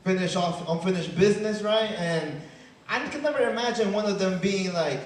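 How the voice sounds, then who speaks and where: Heard from a distance in an echoey comedy club, a young Chicago comic runs a laid-back set, tagging his lines with "man" and "right?". His voice sits high, and he keeps a moderate pace.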